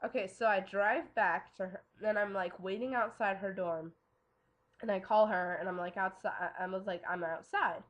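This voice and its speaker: A woman's voice: mid-range voice, fairly even intonation, normal speed, dull audio. A young woman casually telling a personal story to camera, chatty and full of "like" and "um". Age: young adult. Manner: chatty, lots of "like" and "um" fillers. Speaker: vlogger.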